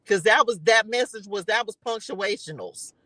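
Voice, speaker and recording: Brief: male tarot reader, high bright voice, dry close sound, chatty and preachy with the chat. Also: normal speed, no echo, rough recording. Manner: excitable, chatty, teasing the chat; faith-filled, preacherly encouragement. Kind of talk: live tarot reading to a chat.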